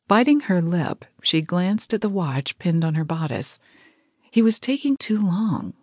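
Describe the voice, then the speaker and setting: Low-voiced woman narrating a romance. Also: dry recording, clean studio sound. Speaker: audiobook narrator.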